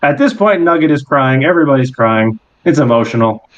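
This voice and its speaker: A man in a middle register runs a tabletop game and narrates scenes in a loose, animated, rambling way. His voice comes through a dull, lo-fi recording. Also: medium pitch, brisk. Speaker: game master.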